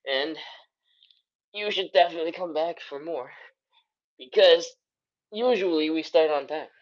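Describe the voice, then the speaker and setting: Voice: mid-range voice, a little slow. A breathless fitness instructor counts reps aloud and coaches a live stretching session, with cheerful chatty asides between the moves. The audio is slightly dull, like a home livestream. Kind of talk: live follow-along workout coaching. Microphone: streaming setup.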